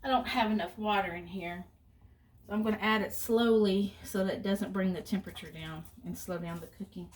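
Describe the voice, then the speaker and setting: A woman's voice: medium pitch, fairly even intonation, fairly quick, distant mic. A middle-aged woman talks casually while she cooks, drifting into rambling stories between steps. She stands a little back from the mic in a roomy home kitchen. Faint ambient noise sits behind her. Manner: chatty storyteller, rambling asides. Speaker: cooking vlogger. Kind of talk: casual chat while cooking.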